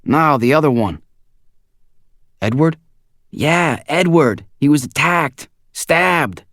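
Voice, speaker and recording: A man's voice: a little high, lively intonation, slow, a bit bright, no echo, clean studio sound, voice pushed up, exaggerated voice. Man doing a breathless urgent young guard.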